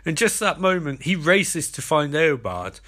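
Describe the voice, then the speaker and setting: A man's voice: on the high side, sing-song, measured pace, pushed and bright. A man giving a sarcastic, rambling comedic recap of a TV episode. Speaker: show recapper.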